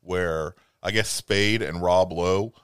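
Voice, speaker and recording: A man co-hosting a podcast in casual chat, halting and restarting as he talks. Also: low-pitched, steady tone, smooth, no room sound, studio quality. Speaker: podcast co-host.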